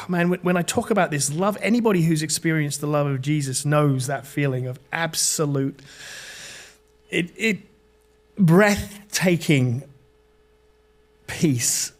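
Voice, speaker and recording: British male guest, middle-aged, slightly higher voice, earnest testimony with stumbles. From Britain. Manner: earnest storytelling, halting restarts. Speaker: podcast guest. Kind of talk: personal testimony in an interview.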